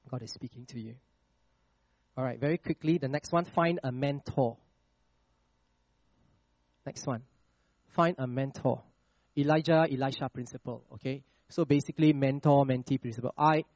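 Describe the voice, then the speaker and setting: A man preaching a sermon with a personal testimony, checking in with the congregation with "all right?" and "okay?" and dropping to a hush on scripture lines. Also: mid-range voice, dry recording, highs cut off. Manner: slows and drops to a hush on scripture phrases.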